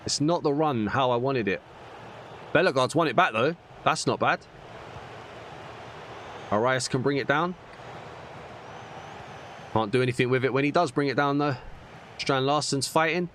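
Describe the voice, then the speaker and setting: A young man commentating on a football video game, veering between excited shouts at goals and muttered frustrated grumbling. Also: medium pitch, slight background noise. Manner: animated, bursts into shouts at goals. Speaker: gaming YouTuber. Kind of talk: gameplay commentary.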